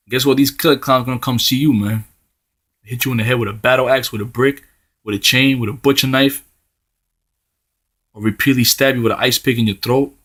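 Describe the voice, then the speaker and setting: A man delivering a profane, heated street-style sermon, tagging "man" onto his phrases and reading scripture slowly in old-style wording. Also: medium pitch, fairly bright tone. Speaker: preacher.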